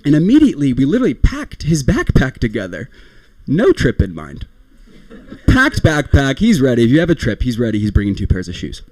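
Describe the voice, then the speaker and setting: A man's voice: medium pitch, huge pitch swings, fairly quick, a little mellow, no echo. A young man performing a rambling, self-deprecating stand-up comedy set, often laughing at his own jokes.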